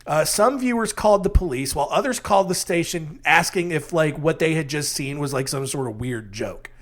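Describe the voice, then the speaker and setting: A man's voice: fairly high pitch, animated, fairly quick. A man hosting a podcast, telling a true story casually with many fillers and wry asides. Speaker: podcast host.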